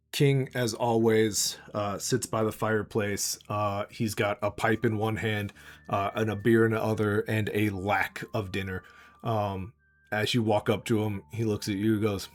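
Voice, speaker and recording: Low-voiced man narrating as game master. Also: faint music behind. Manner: relaxed, halting, many fillers.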